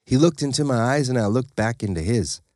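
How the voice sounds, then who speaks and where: A man's voice: mid-range voice, expressive, a little fast, a little mellow, no room sound, clean studio sound. A man narrating a story in the first person, in a plain, matter-of-fact way. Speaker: audiobook narrator.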